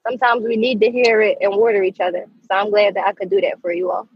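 A woman's voice: mid-range voice, steady tone, fast talker, husky, dry recording, dull audio. A woman in her twenties giving an earnest, heartfelt testimony as a guest over a video call. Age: 20s. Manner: earnest, emphatic, speaks from the heart. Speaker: guest speaker.

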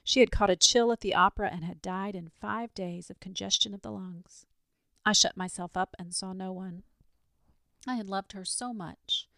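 Gravelly-voiced woman reading a story. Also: medium pitch, no echo, clean studio sound. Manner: measured, expressive reading with soft dips. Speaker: story reader.

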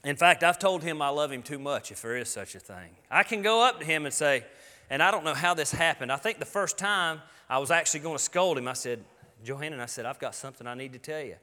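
Folksy preacher, bright and echoing. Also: male voice, on the high side, animated, brisk. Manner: folksy, earnest, emphatic preaching with colloquialisms. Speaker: pastor. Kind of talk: sermon. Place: church sanctuary. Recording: long hall reverb.

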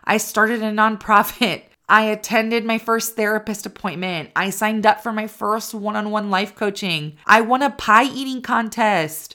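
A woman's voice: mid-range voice, pushed and bright. A woman hosting her own podcast, talking in an encouraging, candid way and swearing casually. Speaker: podcast host. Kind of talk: motivational podcast talk.

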